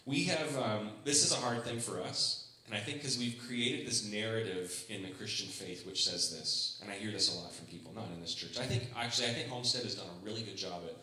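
A man's voice: lowish voice, a little fast, few pauses, pushed and bright. A man preaching a sermon as pastor, conversational and humorous, often acting out the voices he quotes. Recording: echoey room.

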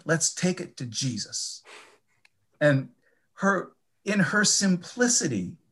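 An older man from the Chicago area, talking about faith in a reflective, halting way and often repeating his words. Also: fairly high pitch, fairly bright tone, husky. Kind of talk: casual faith conversation.

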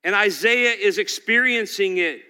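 A male pastor preaching a sermon, swinging between loud exhortation and quiet intensity. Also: high-pitched, a little slow, smooth. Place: large church hall. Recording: long hall reverb.

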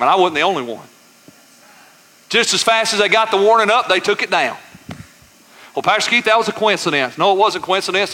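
Brief: male pastor, bright high voice, call-and-response preaching, long church-hall reverb. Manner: folksy, says y'all. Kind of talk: sermon.

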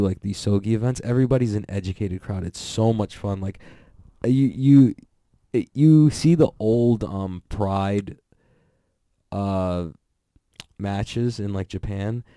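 A young man casually recapping events in a rambling, excitable way, swearing and laughing often. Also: fairly low pitch, dry recording, clean studio sound. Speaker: podcast host recapping jiu-jitsu events.

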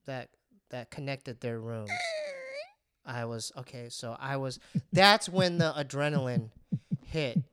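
A man's voice: medium pitch, slow, smooth, no room sound, studio quality. A man telling a comic personal story in casual chat, stammering and poking fun at himself. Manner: animated, stammering, self-mocking.

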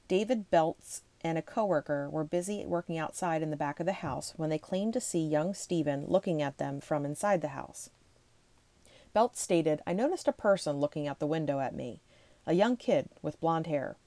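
A woman casually reading ghost stories aloud to her viewers, rushing, tripping over words and breaking off for chatty asides. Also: sits low, dark tone, no room sound. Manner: chatty, reads fast, stumbles and laughs at herself. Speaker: ghost-story video host.

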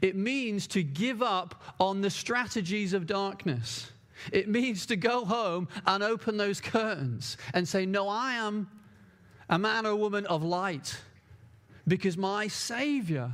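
A man's voice: high-pitched, a bit bright. A man preaching a sermon, earnest and emphatic, repeating key words for stress.

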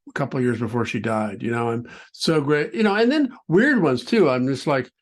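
A man talking casually on a podcast about his interviews, halting often and repeating words as he restarts sentences. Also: mid-range voice, lively intonation.

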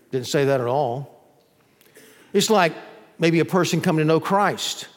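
A male pastor preaching a sermon, swelling into loud cries and dropping to a hushed voice. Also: lively intonation, measured pace, pauses often. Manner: drops to a hushed, low voice at tender moments. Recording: long reverb of a large hall.

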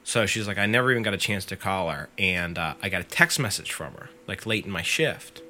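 A man's voice: deep voice, expressive, a little fast, pushed and bright. A man casually retelling a scary story on a podcast, full of fillers and quoting the teller. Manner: filler-heavy, lots of "like", quotes the storyteller.

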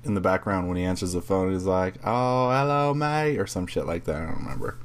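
A man with a low-pitched voice co-hosts a video game podcast. His talk is laid-back and joking, and he swears here and there without any fuss. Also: steady tone, fast, a little mellow. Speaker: podcast co-host. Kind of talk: casual chat.

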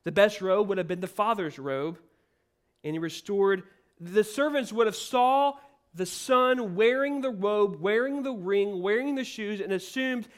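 A man with a high voice delivers a sermon from the pulpit. He preaches emphatically and keeps putting rhetorical questions to his listeners. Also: unhurried, clean tone.

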